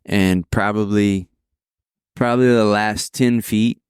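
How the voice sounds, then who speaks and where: A man hosting a podcast, telling his own story in an easygoing, halting way with plenty of fillers. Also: on the low side, fairly even intonation, smooth, dry recording, clean studio sound. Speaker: podcast host. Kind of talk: casual podcast conversation.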